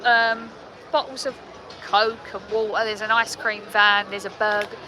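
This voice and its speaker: A woman's voice: mid-range voice, flat delivery, measured pace. A woman livestreaming from outdoors at an event, chatty and opinionated, with many fillers and laughs. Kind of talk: live-streamed vlog commentary. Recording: loud music behind.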